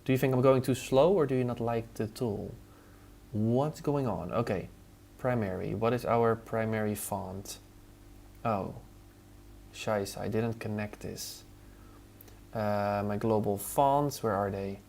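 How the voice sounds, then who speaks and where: Speaking slowly in a lowish, creaky voice, a man tests design software on a casual live stream, with a bit of background noise in the recording. He mutters to himself as he works and answers viewers' chat questions between tasks, a relaxed music playlist behind him.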